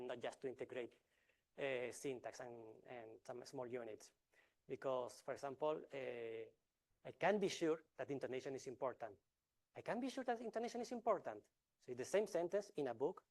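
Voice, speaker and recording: A man presenting a research talk in an academic lecture style, explaining step by step with frequent filler sounds, restarts and deliberate pauses. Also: medium pitch, a little mellow.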